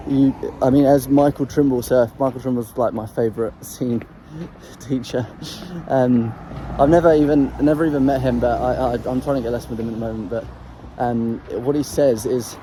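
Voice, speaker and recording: A voice coach shares singing tips in a casual explanatory vlog, his mid-range voice mellow and steady at a moderate pace. He rambles hesitantly with lots of ums and restarts, demonstrating throat sounds as he talks. The recording is rough, with a little hiss or hum.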